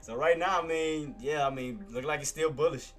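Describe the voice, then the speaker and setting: A man's voice: fairly high pitch, normal speed, faint music behind. Laid-back slangy male trading streamer. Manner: laid-back, slangy, calls listeners boss and man. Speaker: day-trading livestream host. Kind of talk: casual live market commentary.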